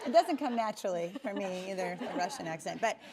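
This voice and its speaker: A woman's voice: mid-range voice, animated, quick pace, a loud crowd, heavy background noise. A woman hosting a talk show in front of a live audience, asking guests questions in an engaged, encouraging way. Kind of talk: interviewing guests. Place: stage before a live audience.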